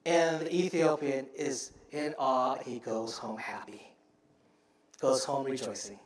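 A man preaching a sermon as pastor, telling the story with animated acted-out voices and frequent asides to the congregation. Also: medium pitch, slow pace, echoey room.

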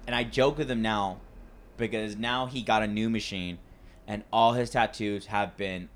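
A man's voice: lowish voice, steady tone, normal speed, a little hiss or hum. Rambling young man with a slight lisp. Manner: rambling, storytelling with many fillers and restarts. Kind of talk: casual chat.

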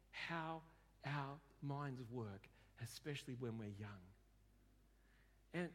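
A man preaching a sermon and telling a story conversationally, often repeating words as he starts a sentence. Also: fairly high pitch. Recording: long hall reverb.

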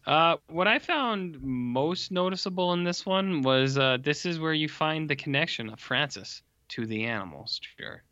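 A man with a bright, forceful voice talks casually on a podcast and makes dry, joking asides. His mic sounds dull and lo-fi. The room adds almost no echo. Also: a little high, lively intonation, moderate pace, hardly any pauses. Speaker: podcast co-host. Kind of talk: casual chat.

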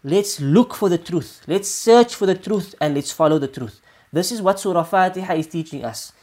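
A woman's voice: lowish voice, animated, normal speed, a little mellow. A woman teaching an Islamic study lesson, repeating her points with emphasis and often checking in with "right?". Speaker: religious teacher.

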